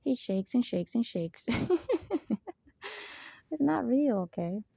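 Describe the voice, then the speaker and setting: A woman's voice: fairly high pitch, animated, takes it slowly, vocal fry, warm tone, no room sound. A woman hosting her own channel, talking in an emphatic, rambling spiritual monologue full of asides. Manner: emphatic, digressive, frequent "there you go". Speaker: channel host.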